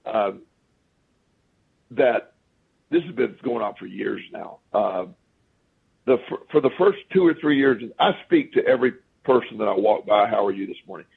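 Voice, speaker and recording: This man's voice is medium-pitched, creaky and slightly rough, moving a little slowly with long pauses over phone-quality audio. He's a podcast guest, an animated storyteller casually recounting anecdotes and performing the quoted lines.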